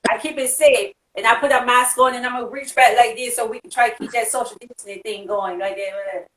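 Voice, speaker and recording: A woman from Atlanta, hosting a casual interview in an excitable, rambling way with quick laughs. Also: on the high side, recorded from a distance, a crowd in the background. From Atlanta, USA. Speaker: host. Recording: echoey room, away from mic.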